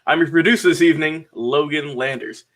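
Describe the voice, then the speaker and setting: A man's voice: a little high, steady tone, a little fast, fairly bright tone. A young man co-hosting sports talk radio as producer, with an upbeat, hype-man delivery.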